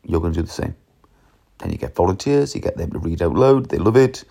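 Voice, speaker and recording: A man gives a solo podcast talk on teaching, emphatic and hands-on as he acts out his classroom instructions. His voice sits very low and has a gravelly, creaky texture. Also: expressive, fairly quick, mellow.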